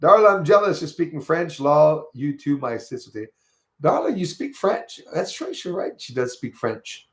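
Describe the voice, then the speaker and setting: A man's voice: a little high, sing-song, moderate pace, echoey room. A man with a Quebec accent hosts a casual livestream, rambling and greeting viewers by name as he reads their comments. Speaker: livestream host.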